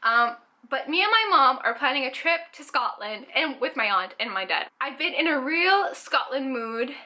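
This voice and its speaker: A woman's voice: sits high, animated, normal speed, pushed and bright. A young Canadian woman chatting enthusiastically about her book haul in a casual vlog, with lots of fillers. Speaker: book vlogger.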